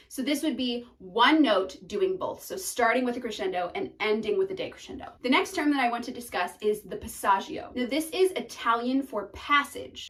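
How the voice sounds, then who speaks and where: A woman's voice: a little high, a bit bright, far from the mic, poor audio. A young woman teaching singing terms in a chatty, upbeat way, breaking into short sung notes as examples.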